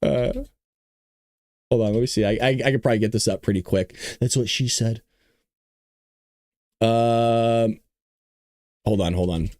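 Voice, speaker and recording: A man's voice: lowish voice, fairly even intonation, normal speed, long pauses, warm tone, no room sound, clean studio sound. A man hosting a morning news commentary show in a casual, sarcastic manner, often laughing. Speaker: host.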